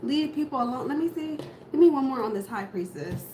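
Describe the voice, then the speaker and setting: A woman's voice: high-pitched, lively intonation, fairly quick, mellow. Blunt musing woman reading tarot. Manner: musing, blunt, swears casually. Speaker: tarot reader. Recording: echoey room with audible background noise.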